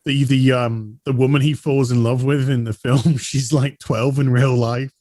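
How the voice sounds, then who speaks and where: A man's voice: medium pitch, flat delivery, normal speed, dark tone, no room sound. A man with a Yorkshire accent, a podcast guest making dry, wry quips. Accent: Yorkshire English. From Yorkshire, England. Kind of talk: casual comedy podcast banter.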